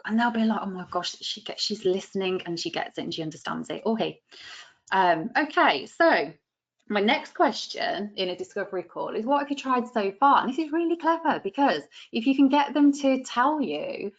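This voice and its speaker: A woman's voice: medium pitch, animated, moderate pace. A British woman teaching a masterclass for practitioners, chatty and coaching, acting out client voices as she explains. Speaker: business coach for nutritionists. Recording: muffled lo-fi audio.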